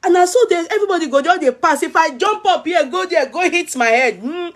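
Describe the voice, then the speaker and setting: A woman's voice: extremely high pitch, lively intonation, a little fast, slight background noise. A Nigerian woman vlogger with a Yoruba-tinged accent, telling a comic childhood story in Pidgin, acting out the crying and laughing often.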